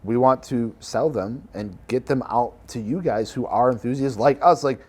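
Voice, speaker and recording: A young man co-hosting a podcast in casual chat, easygoing and quick to laugh, with lots of fillers. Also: medium pitch, darkish tone, husky. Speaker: co-founder and podcast co-host.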